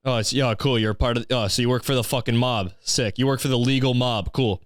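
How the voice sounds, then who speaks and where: A man's voice: mid-range voice, fairly even intonation, a little fast, no echo, clean studio sound. A young man from Canada, hosting a podcast with a crude, sarcastic, swear-filled comedic rant. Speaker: podcast host.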